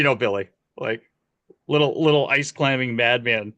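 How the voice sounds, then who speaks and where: A man hosting an interview, telling a lively story from a film set and laughing often as he talks. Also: medium pitch, moderate pace. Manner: animated, laughs often while telling stories. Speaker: podcast host.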